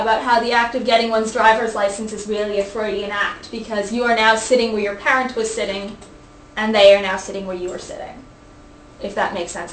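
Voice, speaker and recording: A young woman hosting a casual study group, playful as she reads aloud from a book and stumbles over words. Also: a little high. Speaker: host. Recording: echoey room, faint background hiss.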